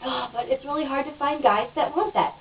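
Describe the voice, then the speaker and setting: A woman speaks briskly in a high voice, ranting cynically and with frustration as she's interviewed in a casual home video. The sound is dull and lo-fi, recorded from a distance.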